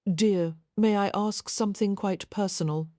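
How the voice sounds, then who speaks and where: A woman's voice: mid-range voice, fairly even intonation, a little slow, warm tone, no echo, studio quality, voice pushed up, natural voice. Kathleen, a woman voicing a frank young matron. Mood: delicate. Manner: practical, frank. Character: pragmatic caring young Victorian matron.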